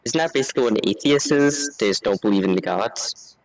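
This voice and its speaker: A man's voice: on the low side, fairly quick, poor audio. A man chatting casually as a player in a tabletop game, laid-back and explaining step by step.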